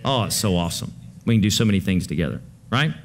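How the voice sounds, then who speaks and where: A male pastor preaching a conversational sermon to his congregation, moving between hushed low passages and rising, urgent ones. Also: very animated, fast talker, slight background noise.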